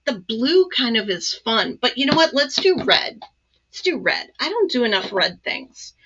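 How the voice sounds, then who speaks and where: A woman hosting a casual live crafting demo, chatty and excited, with many ums and asides. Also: fairly high pitch, moderate pace, dull audio, slight background noise. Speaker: crafting channel host.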